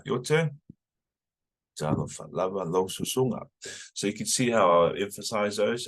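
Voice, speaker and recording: A man's voice: sits low, slightly rough. A man from New Zealand with a New Zealand accent, teaching a casual online language lesson and having the learner repeat phrases after him. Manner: chatty, loose, repeats phrases for the learner to echo.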